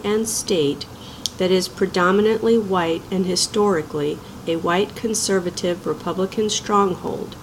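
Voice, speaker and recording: A woman, president of a nonprofit, reading a prepared statement in an earnest, measured way. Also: medium pitch, slight background noise, low-quality recording.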